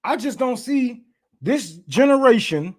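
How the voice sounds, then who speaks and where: High-pitched male host, profane stammering rants. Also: very animated, unhurried, a little mellow. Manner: stammering, laughing, heated. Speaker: podcast host. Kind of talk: profane ranting commentary.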